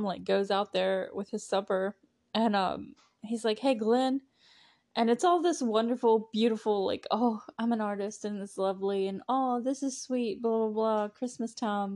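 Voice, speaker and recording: A woman's voice: medium pitch, darkish tone. Giggly woman gushing on a podcast. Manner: giggly, gushing, lots of "like" fillers. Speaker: podcast host. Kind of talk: casual movie recap chat.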